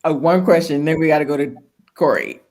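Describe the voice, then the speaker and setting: A woman's voice: low-pitched, fairly quick, darkish tone. A woman hosting a panel discussion, asking a long question with restarts. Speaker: host.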